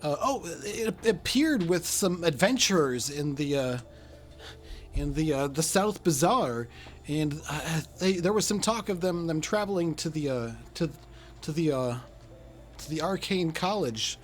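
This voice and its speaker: A man narrating a tabletop game as game master, in a halting way full of hesitations. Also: a little high, lively intonation. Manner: halting, lots of uh's and restarts.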